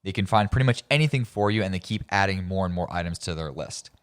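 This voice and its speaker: Low-voiced man with a light Southern accent. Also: animated, fast talker, smooth. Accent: light Southern American. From American South. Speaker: podcast co-host. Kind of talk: casual chat and ad read.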